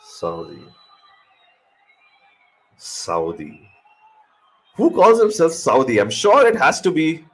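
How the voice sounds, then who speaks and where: A man hosting a casual live cricket watch-along, excitable and joking, cursing freely at the action. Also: on the high side, slow pace, pauses often, breathy edge, poor audio. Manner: excitable, swears, jokes. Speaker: live stream host.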